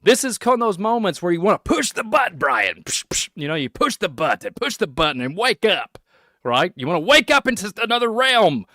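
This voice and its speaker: Excitable Kentucky man podcasting. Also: high-pitched, brisk, no room sound, clean studio sound. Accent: Kentucky Southern American. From Kentucky, USA. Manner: excitable, laughing, puts on silly voices. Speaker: podcast host. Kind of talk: rambling solo podcast monologue.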